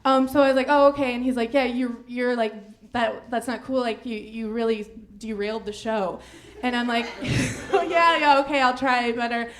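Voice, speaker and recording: A woman's voice: on the high side, fairly even intonation, normal speed, fairly bright tone. A woman comedian telling a rambling, self-mocking story on stage, often breaking into giggles. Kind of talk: live storytelling stand-up.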